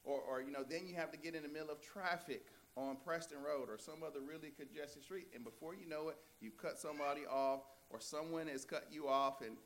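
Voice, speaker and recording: A man's voice: mid-range voice, a bit bright. A man preaching a sermon, telling a folksy story and animatedly laughing along with it before turning to scripture. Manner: folksy, many fillers and restarts. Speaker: pastor.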